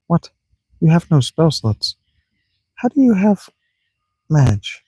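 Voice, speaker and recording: Lying in a sleeping bag in a tent, a man streams a let's play, rambling through casual commentary, joking to himself and mispronouncing words on purpose. His voice is a little high, slow and husky with a darkish tone and big pitch swings, recorded with no echo.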